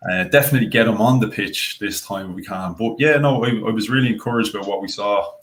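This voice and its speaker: A man giving thoughtful, measured football analysis as a fan pundit in a casual panel discussion. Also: lowish voice, fairly bright tone, low-quality recording. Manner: measured, thoughtful analysis with many "you know" fillers.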